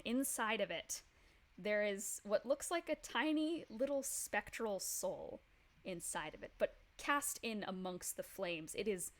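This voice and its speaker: Woman game master, mid-pitched, casual narrator who laughs often.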